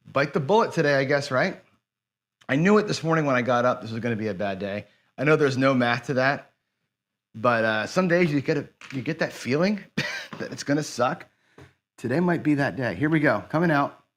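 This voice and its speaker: Dejected after losing, a man running a live dice-game stream grumbles and curses as he addresses his audience. He speaks in a mid-range voice with a fairly bright tone.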